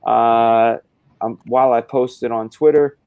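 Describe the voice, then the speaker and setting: A man's voice: medium pitch, fairly even intonation, measured pace, clean tone, no echo, phone-quality sound. A man hosting a casual live stream, rambling and hesitant with lots of fillers. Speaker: stream host.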